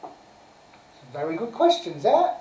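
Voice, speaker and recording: A woman's voice: medium pitch, very animated, slow pace, dark tone. A woman hosting a casual live-stream quiz, chatty and giggly as she reads out answers and scores. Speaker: quiz host. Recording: roomy sound from a distant mic.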